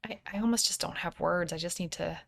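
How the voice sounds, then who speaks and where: A woman in her thirties hosting a personal podcast, speaking softly and thoughtfully, sometimes dropping to a whisper. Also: fairly low pitch, fast, vocal fry. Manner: soft-spoken, introspective, slips into whispers. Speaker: podcast host. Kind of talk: personal reflective podcast monologue.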